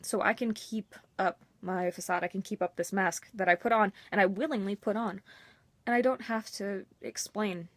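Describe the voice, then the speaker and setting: A woman's voice: medium pitch, normal speed, no echo. Candid young woman vlogging, dry sound. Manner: candid, emotional, self-mocking. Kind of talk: personal talk to camera.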